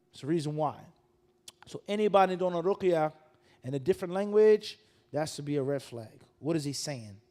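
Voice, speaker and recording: Animated high-voiced male preacher. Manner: animated, rhetorical questions, mocking asides. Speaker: mufti giving a mosque lesson. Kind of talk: sermon-style lecture.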